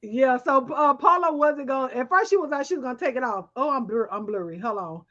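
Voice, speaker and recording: A woman co-hosting a casual news chat show, animated, laughing often and talking straight to her viewers. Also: high-pitched, a little fast, muffled recording.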